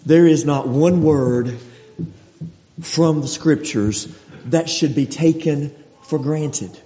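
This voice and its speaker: Man, preacher, conversational sermon, mellow tone, long hall reverb. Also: fairly high pitch, takes it slowly, muffled recording. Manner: conversational, with frequent restarts and acted quotes.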